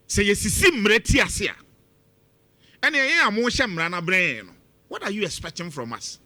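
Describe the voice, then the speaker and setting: Emphatic, lively Ghanaian man on radio. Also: high-pitched, quick pace, dry recording. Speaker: radio host. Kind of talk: radio commentary. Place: radio studio.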